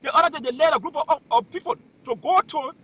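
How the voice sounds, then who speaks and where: A man's voice: extremely high pitch, fast talker, a bit bright, highs cut off. A man giving heated political commentary, emphatic and full of rhetorical questions.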